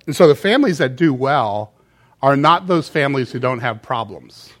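A man's voice: medium pitch, lively intonation, moderate pace, a bit bright. A man preaching a sermon to a church congregation, in a conversational style that keeps checking in with "okay?" and acts out quotes. He sometimes moves off the microphone. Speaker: pastor.

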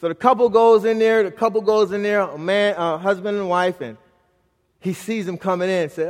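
A middle-aged man preaching a sermon as pastor, telling a family story and swinging from loud to hushed. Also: high-pitched, a little fast, long reverb tail.

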